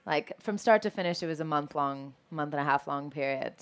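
A young woman, an actress, telling animated stories in an interview and laughing often. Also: low voice, brisk, clean tone. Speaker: actress and guest. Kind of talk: anecdotal interview chat.

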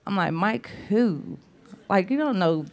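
A woman with a Liverpool accent, a songwriter guest telling lively stories in a casual interview. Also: mid-range voice, a little slow, gravelly, crowd noise. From England. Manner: animated storyteller, acts out quoted voices and laughs.

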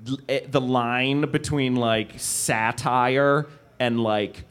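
A man's voice: medium pitch, fairly even intonation, takes it slowly, fairly bright tone, smooth. A man answering audience questions onstage in a rambling, self-deprecating, playful way. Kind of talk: casual onstage Q&A.

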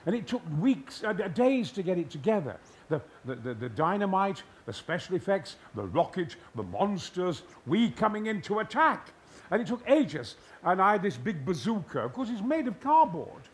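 An older man from Yorkshire, a guest telling stories in a booming, theatrical way that bursts into shouted lines. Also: sing-song, normal speed. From Yorkshire, England. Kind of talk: anecdotal storytelling.

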